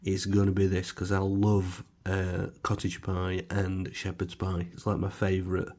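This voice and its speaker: A man's voice: deep voice, completely flat delivery, measured pace, a little mellow. A man casually reviewing supermarket food in his home kitchen, rambling with many fillers and wry asides.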